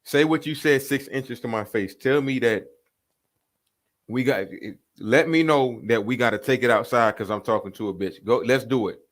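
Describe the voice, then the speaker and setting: Brief: man hosting a reaction video, mid-pitched, heated confrontational rant, swears a lot. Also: normal speed. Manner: confrontational, profane, calling people out.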